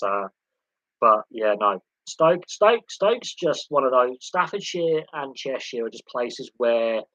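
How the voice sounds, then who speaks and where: A man hosting a relaxed live sports Q&A, talking off the cuff. He rambles, stumbles over repeated words and slips in dark jokes. His voice is bright and a little husky, heard dry and close. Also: mid-range voice, no room sound, poor audio. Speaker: host of a live sports Q&A stream. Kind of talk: casual live-stream chat answering viewer questions.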